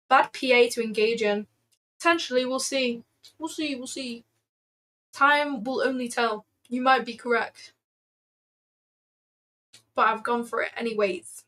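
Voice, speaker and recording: A woman's voice: on the high side, unhurried, long pauses, a bit bright. A woman hosting a casual trading livestream, chatting freely with lots of fillers and answering viewers as she goes. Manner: chatty, filler-heavy, answers chat aloud.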